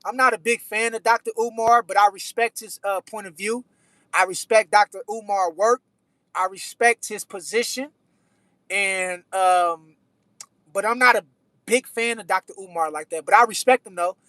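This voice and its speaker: High, bright-voiced man giving slangy advice. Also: moderate pace, dry recording. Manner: slangy, preachy life advice, repeats phrases. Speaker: livestream host reading chat. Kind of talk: casual chat.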